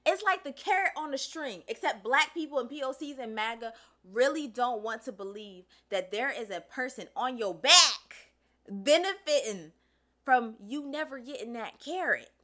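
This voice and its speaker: A woman's voice: fairly high pitch, animated, normal speed, sharp tone. A woman hosting a commentary show, talking in a blunt, sassy and profane way. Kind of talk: casual social commentary.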